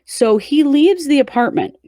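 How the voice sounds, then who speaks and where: A woman's voice: sits high, lively intonation, normal speed, dark tone, no echo. A woman hosting a true crime show, casually walking her co-host through a case step by step. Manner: conversational, recounts events step by step.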